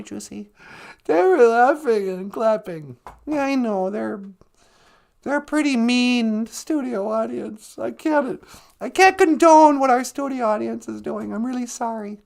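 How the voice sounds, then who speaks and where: A man's voice: very high voice, lively intonation, a little slow, gravelly, exaggerated voice. A man voicing a blunt, sassy female call-in show host who mocks her caller with dry put-downs. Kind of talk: comedy call-in sketch.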